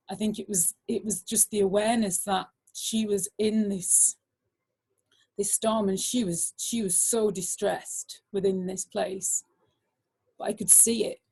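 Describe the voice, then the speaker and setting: A middle-aged woman, a guest speaker, telling a personal story in an animated way, full of "like" fillers. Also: medium pitch, creaky, husky.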